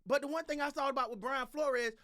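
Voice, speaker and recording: A man with a high, bright voice hosts his own football talk show. He speaks in an animated way, full of slang and repeated phrases. His voice swings up into sharp, excited bursts and drops low for emphasis. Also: fast talker. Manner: animated, repetitive, street slang, laughs. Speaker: sports channel host. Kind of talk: casual sports commentary.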